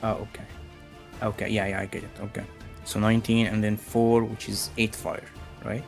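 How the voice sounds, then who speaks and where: A man narrating as game master of a tabletop game, relaxed and full of fillers. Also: fairly low pitch, moderate pace, creaky, soft background music.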